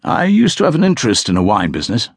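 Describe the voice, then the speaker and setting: A man reading as a quiet, dogmatic old solicitor. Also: on the low side, huge pitch swings, quick pace, breathy edge, no echo, clean studio sound, voice pushed up, full character voice. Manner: quiet, assured, relishing. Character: lean old male retired country solicitor, quiet and dogmatic.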